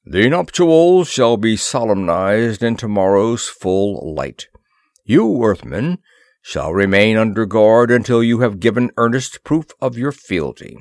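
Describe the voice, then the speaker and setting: A cold, sinister king who speaks heavily and grimly, every line an order, as a male narrator puts him on. The voice sits low and drags each word with slow weight. The sound is dry and close, with no room around it. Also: big pitch swings, no room sound. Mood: commanding. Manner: heavy, grim, commanding. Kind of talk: audiobook character voice.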